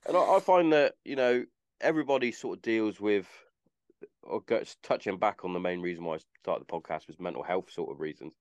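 A podcast host with a voice on the low side talks fairly quickly, with no room sound audible. He chats casually and rambles, swearing freely.

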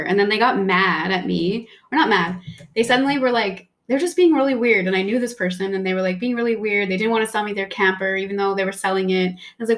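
A young woman talking in a loose, relaxed chat, with a medium-pitched voice. She swears casually and slips into quoted voices as she tells her stories. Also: fast talker. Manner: casual, swears freely, acts out quotes in storytelling. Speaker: podcast co-host.

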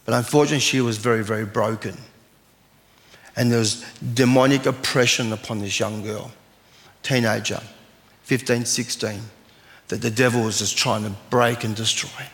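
A man preaches a sermon in an earnest, storytelling way and reads scripture aloud. His voice sits at a middle pitch. A long reverb from a church hall trails after his words. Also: steady tone, moderate pace, a bit bright. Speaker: pastor.

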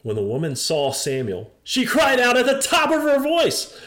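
A man preaching a sermon, telling a scripture story in an animated way with chuckles and frequent fillers. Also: extremely high pitch, moderate pace. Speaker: pastor.

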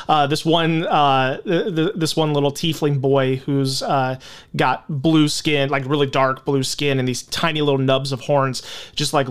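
A man serving as game master, narrating the scene in a relaxed, hesitant way with frequent fillers. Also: fairly high pitch, clean tone.

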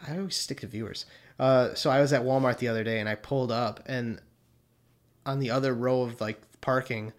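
A man's voice: mid-range voice, steady tone, a little fast. A young man co-hosting a podcast in casual chat, laid-back, swearing often and laughing a lot. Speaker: podcast co-host.

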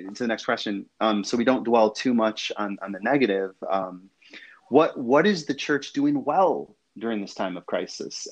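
A man's voice: on the low side, highs cut off. A man hosting a discussion, talking casually and hesitantly, often repeating words. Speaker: host.

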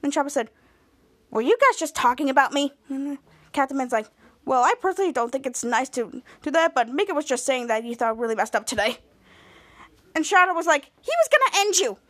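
A woman hosting a podcast, casually retelling a TV episode in a lively way and acting out the characters' lines as she goes. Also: sits high, fairly quick, dry recording. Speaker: podcast host.

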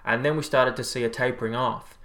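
A man's voice: mid-range voice, steady tone, brisk, sharp tone. Laid-back Australian man livestreaming. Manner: rambling, laid-back, swears freely. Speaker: livestreamer and health coach. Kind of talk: casual livestream chat answering viewer comments.

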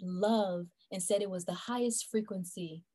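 A woman's voice: mid-range voice, steady tone, unhurried, dark tone. A woman guest in a casual faith talk, speaking earnestly and repeating phrases, heard over a video call.

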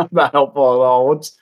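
Laughing, rambling American man. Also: mid-range voice. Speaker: podcast co-host. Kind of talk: casual chat.

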